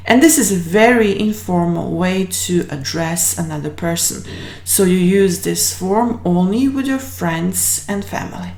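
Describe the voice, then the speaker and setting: Slow, encouraging woman teaching German. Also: lowish voice. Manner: drills words slowly and repeats them, encouraging. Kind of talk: slow, deliberate language lesson. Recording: roomy, echoey room.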